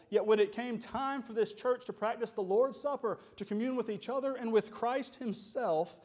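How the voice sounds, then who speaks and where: A man's voice: sits high, darkish tone. A man preaching a sermon as pastor, emphatic and full of rhetorical questions.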